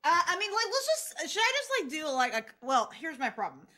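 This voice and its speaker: A woman playing a tabletop game as a spellcaster, hedging her choices out loud with plenty of "like". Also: high-pitched, sing-song, fairly quick. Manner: hesitant, lots of "like". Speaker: player. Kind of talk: casual tabletop chat.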